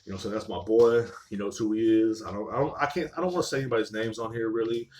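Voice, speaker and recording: A man's voice: lowish voice, quick pace, a little mellow. A young man hosting a casual solo podcast, telling rambling, profane stories full of "like" and "you know what I'm saying". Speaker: podcast host.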